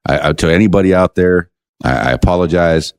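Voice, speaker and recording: A man's voice: low voice, a little fast, smooth. A man hosting a casual podcast interview, chatty and joking, often restarting his words. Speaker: podcast host.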